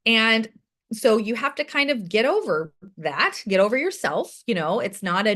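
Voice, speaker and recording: A woman's voice: fairly high pitch, lively intonation, normal speed, a bit bright. A woman director giving an encouraging, conversational training talk over a video call to her team. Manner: encouraging, conversational, often asks "right?".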